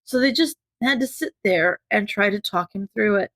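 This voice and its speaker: A woman narrating a fan fiction audiobook in a measured, gentle way. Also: medium pitch, no room sound. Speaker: audiobook reader.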